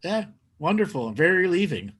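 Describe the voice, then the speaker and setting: A man's voice: a little high, very animated, a little fast, a bit bright, breathy edge. A man hosting a call-in show, chatting and joking with callers and laughing often. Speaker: host.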